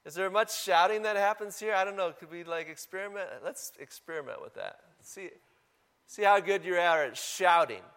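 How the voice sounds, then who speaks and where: A man delivers a Palm Sunday-style sermon in a church, speaking in a relaxed, conversational way. His voice sits fairly high for a man. He keeps turning to the congregation with questions. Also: moderate pace. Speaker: pastor.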